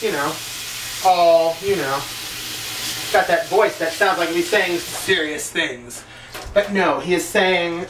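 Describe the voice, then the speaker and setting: Cooking in his home kitchen, a man hosts a laid-back video journal, his voice sitting high with a sharp tone. His chat wanders loosely and is crammed with filler words. A distant mic gives a roomy sound with faint noise behind him.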